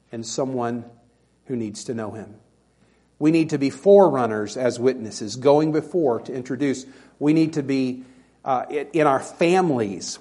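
Pastor, male, husky timbre, conversational sermon delivery with playful quoted voices. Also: medium pitch. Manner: folksy storytelling with animated quoted voices.

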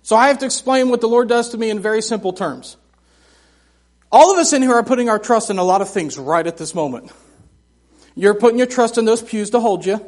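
Male preacher, middle-aged, very high voice, folksy and animated, sermon in a church. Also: a little fast. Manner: folksy, animated storytelling with humor. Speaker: missionary preacher. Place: church sanctuary.

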